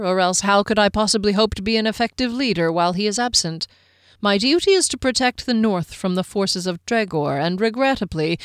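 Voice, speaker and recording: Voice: medium pitch, a bit bright, smooth, no room sound, clean studio sound, natural voice. A narrator voicing a proud, guarded army major who speaks formally and courteously. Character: stern proud human army major, middle-aged.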